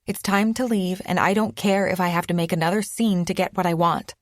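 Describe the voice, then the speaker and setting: A woman's voice: on the low side, a little fast, no echo, studio quality. A woman narrating an audiobook in the first person, with a tense, anxious delivery. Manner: tense, anxious inner monologue.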